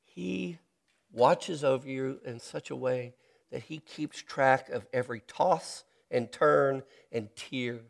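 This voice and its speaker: A man preaching a sermon, earnest and personal, slowing down to stress key phrases. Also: medium pitch, creaky. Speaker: pastor.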